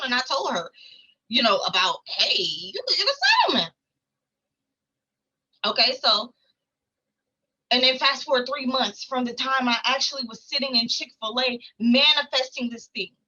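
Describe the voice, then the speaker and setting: A woman vlogger telling a personal story to her viewers in an animated, chatty way. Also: high-pitched, husky, lo-fi sound. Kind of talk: casual storytelling to camera.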